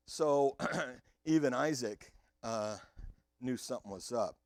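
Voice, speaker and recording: A man preaching a sermon as pastor, animated and speaking directly to his listeners. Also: medium pitch, slow, no room sound, clean studio sound. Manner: animated, talks straight to the congregation.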